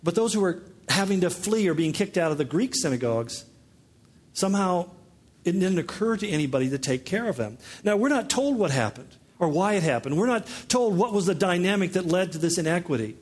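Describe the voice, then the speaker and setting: A pastor with a notably high voice preaches fairly quickly in a relaxed teaching style. He blends explanation with wry, joking asides, keeping his delivery chatty rather than declamatory.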